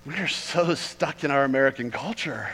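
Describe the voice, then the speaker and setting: A man preaching a sermon as pastor, swinging from loud emphatic peaks to quiet asides. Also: medium pitch, moderate pace, breathy edge, big-room sound, poor audio.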